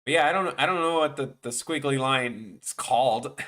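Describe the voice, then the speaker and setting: Bright-voiced man chatting on a stream. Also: mid-range voice, normal speed. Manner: rambling and offhand, trailing off and restarting. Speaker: animator streaming his work. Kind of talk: casual live-stream chat.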